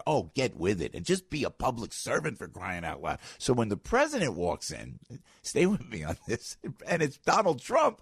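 A man hosting a talk radio show, delivering an opinionated monologue with lively swings and mocking asides. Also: mid-range voice, normal speed, vocal fry, breathy edge, dry recording, clean studio sound. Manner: animated, mocking voices, loud outbursts.

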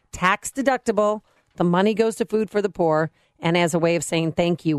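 A woman's voice: fairly low pitch, dry recording. Chatty woman radio co-host, dry studio. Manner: chatty, laughs easily. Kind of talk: morning radio banter.

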